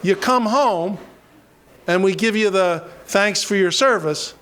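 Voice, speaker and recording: A man from western Pennsylvania emceeing a political rally, halting with many restarts and self-deprecating jokes. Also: high-pitched, a bit bright.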